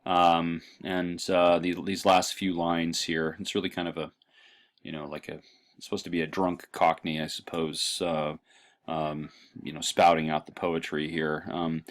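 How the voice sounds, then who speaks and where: Deep-voiced lecturer, full of ums. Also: male voice, little pitch movement. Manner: halting, lots of ums and uhs. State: dry throat. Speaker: college history lecturer. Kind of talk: classroom lecture.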